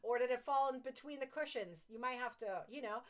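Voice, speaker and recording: A woman's voice: fairly high pitch, brisk. A woman hosting a crochet livestream whose first language is not English. She chats casually, gushes over each pattern, laughs often and reads viewer comments aloud. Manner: gushing, excitable, laughs often.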